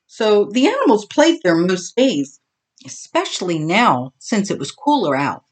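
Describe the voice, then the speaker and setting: Lady reading a kids bedtime story, lively ups and downs, takes her time. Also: mid-range voice. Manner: expressive, slow, animated. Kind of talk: storybook read-aloud.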